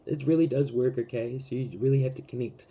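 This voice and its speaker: A man giving a casual tarot reading to camera, rambling with many fillers and gently emotional, close to tears. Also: medium pitch, fairly even intonation, brisk. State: teary, close to crying. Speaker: tarot reader.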